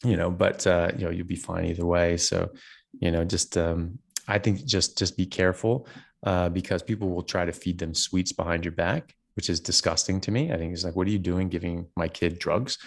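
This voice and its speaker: A man who is a doctor, a guest on a podcast interview, telling stories in an animated way with frequent restarts. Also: deep voice, moderate pace, creaky. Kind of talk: casual interview conversation.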